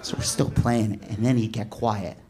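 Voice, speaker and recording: A man in his forties doing a stand-up comedy set, telling a story in an animated way and shouting when he voices characters. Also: lowish voice, normal speed, heavy background noise. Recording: live club with audience laughter. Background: audience laughing.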